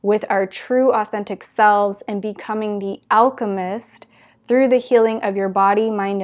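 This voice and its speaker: A woman giving a spiritual talk to her viewers, telling it in an earnest, gushing way with many "like" fillers. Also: mid-range voice. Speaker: spiritual teacher.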